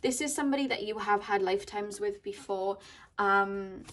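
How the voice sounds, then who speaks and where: A woman's voice: medium pitch, normal speed, fairly bright tone. A woman giving an intuitive tarot reading to her viewers, speaking earnestly and thinking aloud as she goes. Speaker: tarot card reader.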